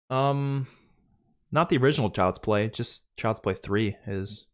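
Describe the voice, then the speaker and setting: This young adult man has a lowish voice and speaks at a moderate pace. Hosting a livestream, he rants casually in an exasperated tone, packing in "like" and frequently restarting.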